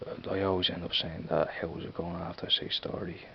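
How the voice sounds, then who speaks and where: A man's voice: low voice, little pitch movement, fairly quick, gravelly, lo-fi sound, slight background noise. A man with a Dublin accent chatting casually in a home vlog, rambling and repeating "you know what I mean". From Ireland. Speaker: vlogger. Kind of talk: casual accent tag video.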